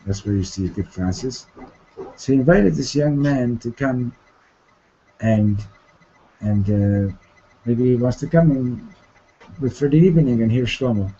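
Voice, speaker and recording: Male teacher, mellow voice, storytelling lesson, stop-start delivery, muffled classroom recording. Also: mid-range voice, expressive, breathy edge. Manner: halting, repeats words and restarts, asks "Okay? Right?".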